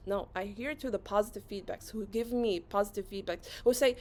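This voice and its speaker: Arabic-native woman giving a motivational talk online, talks fast, kinda high voice, repeats stuff for emphasis. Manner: fast-talking, energetic, repeats phrases for emphasis. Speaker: conference speaker. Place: online session.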